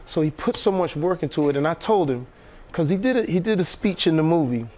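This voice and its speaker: Man guest from Texas, slightly high voice, lively storyteller who laughs and restarts a lot. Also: brisk. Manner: animated storyteller, laughs often, many restarts. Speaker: actor guest. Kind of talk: casual chat on a morning TV show.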